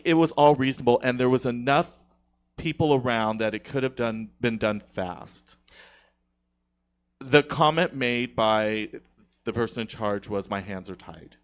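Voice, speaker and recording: A man as a guest on a podcast, telling a long, indignant story in casual studio chat, with many restarts. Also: mid-range voice.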